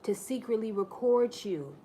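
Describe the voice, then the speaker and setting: A woman hosting a livestream, telling a personal story to her viewers in a candid, profane, animated way. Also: a little high, measured pace, slight background noise. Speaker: livestream host.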